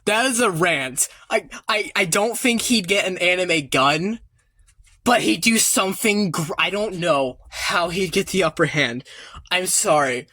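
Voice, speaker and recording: A man rambling excitedly about his own story ideas, swearing often and getting loud when worked up. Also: high-pitched, measured pace, dry recording. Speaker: creator rambling about his original characters. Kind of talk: excited casual monologue.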